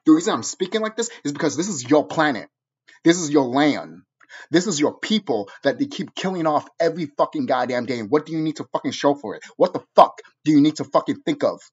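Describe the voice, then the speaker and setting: Profane ranting man, husky voice. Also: fairly high pitch, expressive, fast, dull audio. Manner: profane, angry, preachy. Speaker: vlogger. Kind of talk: ranting monologue to camera.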